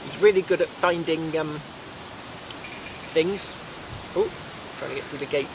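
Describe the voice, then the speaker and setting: A man with a West Country accent, his voice sitting a little high, rambles cheerfully to the camera while detecting out in open countryside. His talk wanders and he chats to himself as he goes. The outdoor recording carries a clear hiss with rain and wind behind him. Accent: West Country English. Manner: chatty, rambling, talks to himself while working. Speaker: metal detecting vlogger. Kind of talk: casual commentary to camera. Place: outdoors in rural fields.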